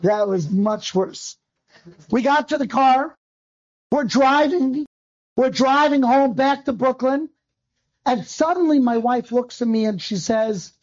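A man, a rabbi, telling a personal story to an audience and acting out the dialogue in quick, animated bursts. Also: very high voice. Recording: dull lo-fi recording.

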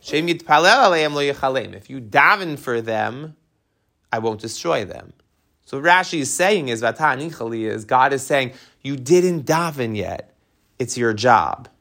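A man teaching a text study class, animated and tossing rhetorical questions to his students. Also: medium pitch.

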